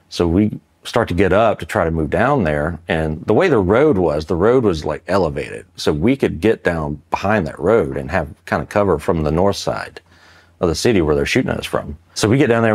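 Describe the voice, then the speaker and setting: A middle-aged man from Mississippi, an Army veteran telling a war story in a casual, rambling interview, full of fillers. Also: deep voice.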